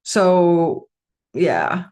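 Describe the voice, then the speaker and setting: A middle-aged woman gives an astrology forecast in a loose, chatty way, with a slightly low voice. She keeps clearing a tickle from her throat and coughing. She often stops to correct herself mid-phrase. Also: big pitch swings, drawn-out words, darkish tone. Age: middle-aged or older.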